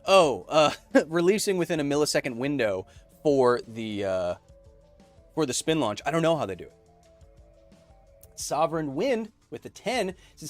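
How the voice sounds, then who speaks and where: Male streamer host in his 30s, lively swooping delivery, playful, soft music bed behind. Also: a little high, normal speed, pauses often. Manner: animated and jokey, with many ums and playful outbursts. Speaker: podcast host answering live chat. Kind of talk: casual live-stream chat.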